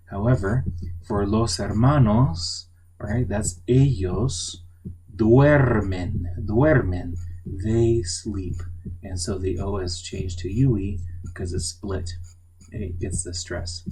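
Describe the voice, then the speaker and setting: Man teaching a lesson, low voice. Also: slight background noise, poor audio. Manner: patient, stresses example words loudly. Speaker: Spanish teacher. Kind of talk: explaining grammar in a recorded lesson.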